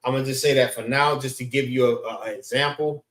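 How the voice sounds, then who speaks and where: A man teaching a class in a slow, repeating way, often saying "all right" and sounding out words. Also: medium pitch, fairly even intonation, a bit bright. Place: class room in a library. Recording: roomy echo, voice from far off the mic.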